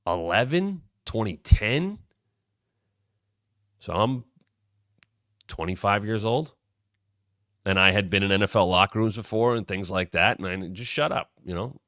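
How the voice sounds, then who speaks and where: A man in his thirties hosting a show, telling a rambling, animated story with many restarts. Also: low voice, dry recording, studio quality. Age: 30s. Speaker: host. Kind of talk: casual storytelling.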